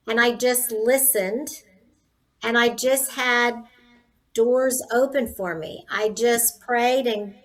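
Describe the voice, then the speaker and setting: A woman's voice: a little high, poor audio. A woman in her sixties, a nurse turned entrepreneur, telling her story as an interview guest in an earnest, faith-filled, candid way. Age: 60s.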